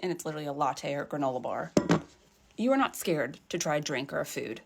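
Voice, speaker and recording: A woman creator in a sarcastic clip, speaking with a somewhat low voice. She sounds mocking and blunt, slipping into imitated gushing bits, with faint noise behind her. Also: expressive, quick pace, gravelly. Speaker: social media creator.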